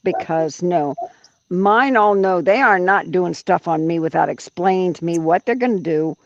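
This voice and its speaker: An American woman with a lowish voice hosts a livestream at a normal pace, chatting casually and bluntly with plenty of exclamations. The stream audio is dry, dull and lo-fi.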